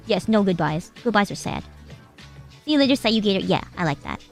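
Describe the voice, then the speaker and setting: A woman's voice: medium pitch, expressive, fast, pauses often, soft background music. A young Japanese woman chatting casually to her live-stream chat, giggly and rambling, swearing now and then. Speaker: VTuber streamer.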